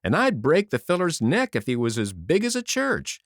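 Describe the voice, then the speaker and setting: A man's voice: fairly high pitch, wildly swooping pitch, normal speed, dry recording, studio quality, pitched above the performer's own voice. A man voicing an aggrieved, hot-tempered young male soldier who speaks in folksy slang. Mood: boastful.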